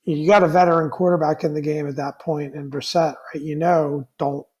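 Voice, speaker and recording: Male podcast co-host, higher-pitched, rambling and casual, easy to laugh. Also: flat delivery, fairly quick, darkish tone. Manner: rambling, many fillers and restarts, laughs easily. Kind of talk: casual sports chat.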